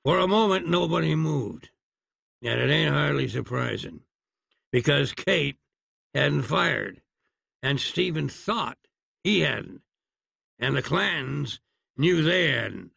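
A man's voice: a little high, animated, slow, vocal fry, pauses often, a bit bright, breathy edge, no room sound. A man narrating an audiobook with dry, wry storytelling.

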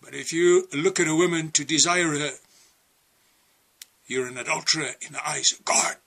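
A man from South Africa preaching a testimony sermon, earnest and warning, sometimes dropping to a hushed near-whisper. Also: fairly high pitch, moderate pace.

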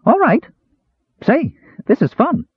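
A man voicing a shrill, cheerful, excitable kender who talks loudly and eagerly. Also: slow pace, breathy edge, no echo, muffled recording, full character voice. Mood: excited. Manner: loud and eager.

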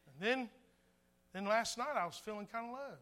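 A man's voice: very high voice, normal speed, bright, forceful tone. A middle-aged man preaching a sermon as pastor, chatty and stammering through restarts, slipping into little acted asides.

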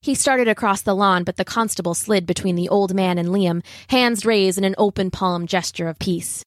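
A woman's voice: mid-range voice, dry recording. Woman narrating a storybook, dry and close. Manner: measured, gently expressive reading. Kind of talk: audiobook narration.

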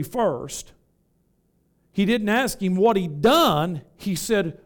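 A man's voice: sits high, lively intonation, takes it slowly. A man, a Pentecostal bishop, preaching a sermon to a congregation in a church, with a rhythmic, folksy style and questions thrown to the crowd.

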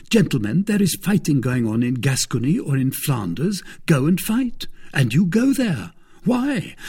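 A man's voice: a little high, darkish tone, slightly rough, pitched above the performer's own voice, exaggerated voice. A man voicing a confident young male guardsman who speaks in a commanding, assured way.

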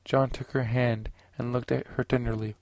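Man, audiobook narration, steady and unhurried, even flat pitch, dry close sound. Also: dry recording.

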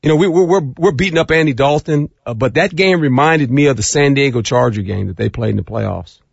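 A middle-aged man talking football as a guest on sports radio, acting out scenes in a rising, animated voice. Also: medium pitch, fairly quick, gravelly, husky, no room sound. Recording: dull lo-fi radio audio.

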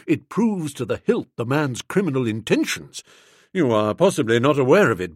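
A man doing a cocky, patronizing young gent, quick and bouncy, dry close read. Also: mid-range voice, dry recording. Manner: brisk, self-satisfied, patronizing. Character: boastful excitable young English gentleman.

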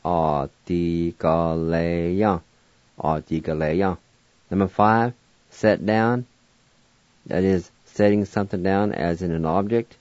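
A man giving a radio language lesson, spelling each word letter by letter and then pronouncing it with careful, deliberate patience. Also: low voice, darkish tone, no room sound, lo-fi sound. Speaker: language teacher.

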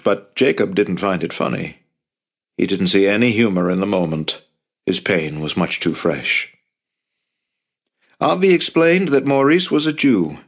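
Speaking at a medium pitch, a man narrates from a script for an audiobook. His storytelling stays measured and even throughout.

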